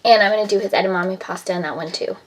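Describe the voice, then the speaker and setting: Cooking in her home kitchen, a woman chats casually for a vlog, drifting from one thought to another and peppering her talk with "like" and "um." Her voice is mid-range and she races along, though the audio quality is poor.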